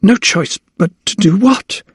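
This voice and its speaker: Man doing a desperate young lady of rank, high strained voice, pleading cries, dry close audiobook sound. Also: animated, brisk, a little mellow, husky, no echo. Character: distraught young noblewoman, fierce and desperate.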